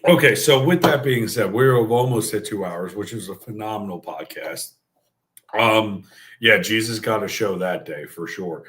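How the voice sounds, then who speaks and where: A man's voice: on the low side, normal speed, fairly bright tone. Profane joking New York man. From the Bronx, New York. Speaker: podcast host. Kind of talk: crude storytelling chat.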